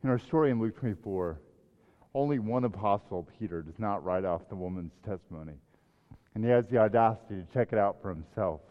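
Male preacher, sermon, swells loud on scripture and drops soft to reflect; muffled sound with a long hall echo. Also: on the low side, lively intonation, fairly quick. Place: church sanctuary. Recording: echoey hall, dull sound.

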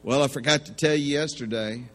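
A man's voice: mid-range voice, a little fast. A man preaching a sermon in a folksy way, telling jokes and acting out the voices in his stories. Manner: folksy joke-telling, acts out voices in anecdotes. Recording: long hall reverb.

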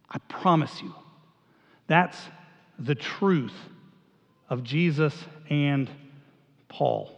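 A high-voiced man preaching in a large church sanctuary. He tells stories with animated energy and restarts phrases as he thinks aloud. The recording is a little dull, with a long hall echo trailing each line. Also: gravelly. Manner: animated storytelling, acts out quotes, repeats words. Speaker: pastor. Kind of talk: sermon.

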